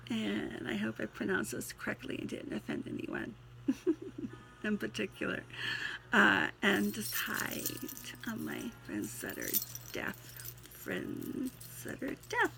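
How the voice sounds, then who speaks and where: A woman with a Tennessee twang, reciting her poetry and then chatting folksily to her viewers, her voice going hoarse. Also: mid-range voice, expressive, slow, fairly bright tone, slight background noise. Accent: Tennessee Southern twang. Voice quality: folksy, affectionate, calls listeners hon. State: losing her voice. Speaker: Christian poet and vlogger. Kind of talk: poetry recitation and casual chat to camera.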